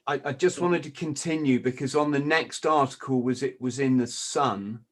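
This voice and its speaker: A man's voice: mid-range voice, normal speed. Guy hosting a podcast, keeps stuttering and restarting, sarcastic little asides. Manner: stammers and restarts, sardonic asides. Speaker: podcast host. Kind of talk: casual podcast discussion.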